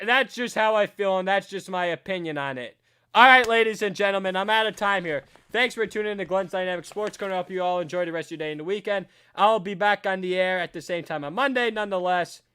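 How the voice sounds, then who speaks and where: A man hosting a sports talk show, giving his opinions in an animated way and rising to near-shouts when worked up, often correcting and repeating himself. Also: high-pitched, clean tone. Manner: self-correcting, repeats phrases.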